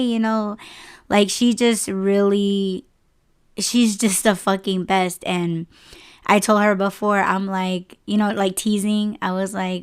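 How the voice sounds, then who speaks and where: Slow-talking emotional woman podcaster. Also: mid-range voice, little pitch movement, clear, resonant tone. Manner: emotional, close to tears, many fillers and restarts. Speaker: podcast host. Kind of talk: casual personal storytelling.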